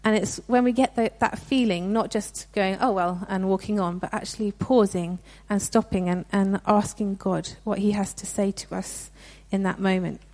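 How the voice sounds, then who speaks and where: A woman's voice: mid-range voice, steady tone, moderate pace, few pauses, darkish tone. A young woman giving a sermon in a conversational, earnest way, with frequent restarts. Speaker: preacher.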